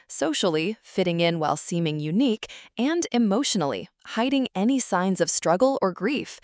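Woman in steady scripted narration. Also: mid-range voice, dry recording, clean studio sound. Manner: steady, even-paced reading. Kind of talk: scripted book-summary narration.

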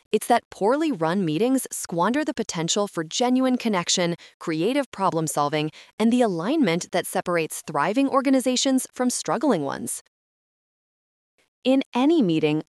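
A woman's voice: medium pitch, dry recording, clean studio sound. A woman giving polished, emphatic scripted narration as an explainer.

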